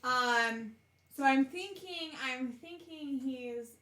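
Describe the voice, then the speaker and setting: A woman player speaks slowly and hesitantly, her voice a little high and full of fillers. Her audio comes from an echoey room. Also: sharp tone. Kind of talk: casual tabletop play.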